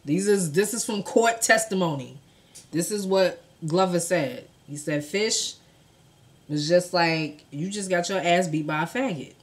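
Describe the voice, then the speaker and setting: A young woman telling a true crime story to her viewers in casual, profane speech, acting out the quotes with sudden jumps in loudness. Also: fairly low pitch, unhurried. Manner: animated, profane, acts out quotes with big swings in loudness.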